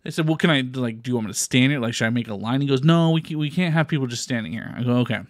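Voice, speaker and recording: A Texan man co-hosting a podcast tells a story in casual chat, swearing freely and doing voices for the people he quotes. His voice is mid-range and he talks very fast, and the studio-quality recording has no echo.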